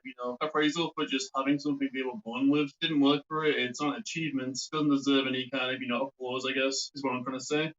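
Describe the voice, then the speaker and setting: Blunt fast-talking male commentator. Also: fairly high pitch, a bit bright. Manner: blunt, swearing, rambling. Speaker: commentary streamer. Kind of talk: reaction commentary. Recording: dull distant mic.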